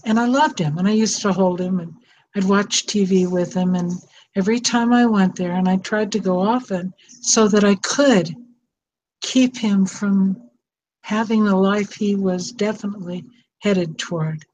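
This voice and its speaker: In a mid-range, darkish voice at a slightly slow pace, an older woman tells a heartfelt personal story of grandmotherhood and estranged parents. The sound is muffled, captured on an echoing online call microphone.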